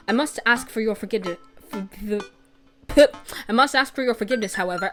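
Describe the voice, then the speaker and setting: A woman voicing a brooding gothic gentleman dad who reads his own flowery, old-fashioned letter in a stilted, formal way. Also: mid-range voice, close to an everyday voice.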